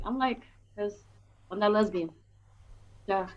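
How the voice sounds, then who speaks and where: A woman's voice: mid-range voice, unhurried. A woman in her forties doing brash, raunchy stand-up comedy with punchy delivery. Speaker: stand-up comic. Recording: slightly dull recording with faint noise.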